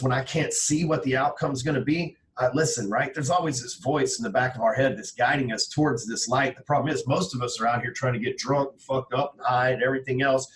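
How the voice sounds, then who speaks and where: A man's voice: medium pitch, fairly bright tone, distant mic, poor audio. A man from Texas talks bluntly as a podcast guest, dropping casual curses and checking in with "right?" between points. His voice sits a little back from the microphone, and a faint background noise runs under it. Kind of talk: casual motivational storytelling.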